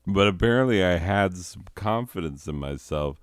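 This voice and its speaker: Male comedy host, high, profane rambler, deep, dry close voice. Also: animated, normal speed, clean tone, dry recording. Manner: profane, giggly, meandering. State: high on edibles.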